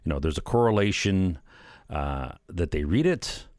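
A man's voice: low voice, animated, moderate pace, darkish tone, dry recording, studio quality. A middle-aged man giving a casual, rambling commentary on a book, wry and full of fillers, often tagging "right?" and chuckling. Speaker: solo commentator.

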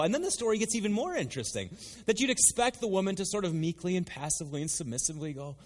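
Animated preacher in a reverberant hall. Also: male voice, high voice, fast. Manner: animated, conversational preaching with playful asides. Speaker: pastor. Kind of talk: sermon.

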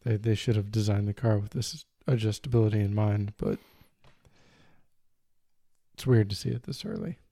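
A man's voice: on the low side, steady tone, moderate pace, long pauses, dark tone. A man talking in a casual chat as a podcast co-host, tentative with stammering restarts.

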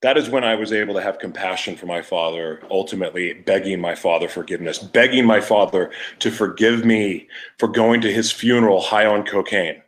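On his own podcast, a man tells a raw, emotional personal story with candor, frequently restarting and trailing off. His voice is low-pitched and a little fast, with hardly any pauses.

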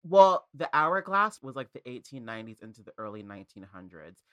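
A woman's voice: a bass voice, big pitch swings, a little fast, fairly bright tone, no room sound, studio quality. A woman guest on a podcast, chatting casually with lots of fillers and playful slang. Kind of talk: casual chat.

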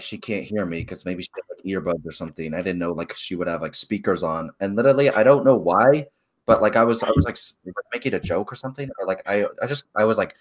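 A young man in his late teens co-hosting a casual podcast, telling stories with lots of fillers and acting out the voices. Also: low voice. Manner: animated storyteller, acts out voices, many fillers. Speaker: podcast co-host. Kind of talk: casual chat.

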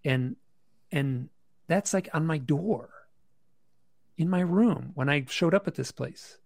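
Gravelly guy on a video call from his bedroom, dry sound, lots of um and restarts. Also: on the high side, darkish tone, no room sound. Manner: halting, many restarts and fillers. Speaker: podcast guest. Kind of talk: casual storytelling. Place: bedroom at home.

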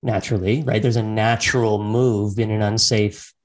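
A man's voice: on the low side, little pitch movement, moderate pace. A man hosting a casual interview podcast, musing reflectively with frequent listening murmurs. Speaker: podcast host.

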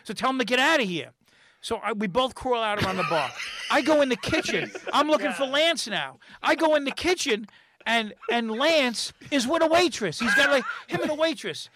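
A middle-aged man telling a comedy-club story in casual chat, animated and rambling, acting out the voices of the people in it. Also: very high-pitched, normal speed, heavy background noise. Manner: animated, acts out quotes and voices, rambling restarts.

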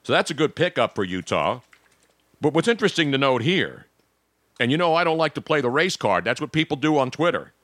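A man's voice: on the high side, sing-song, fairly quick, fairly bright tone, no echo, studio quality. A man hosting a casual sports talk show, joking and rambling between topics.

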